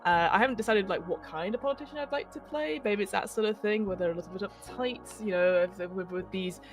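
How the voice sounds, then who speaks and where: A woman's voice: medium pitch, quick pace, faint music behind. A woman hosting a livestreamed tabletop role-playing game as its facilitator, talking in a rambling way full of ums and self-corrections. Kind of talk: casual chat running a tabletop game.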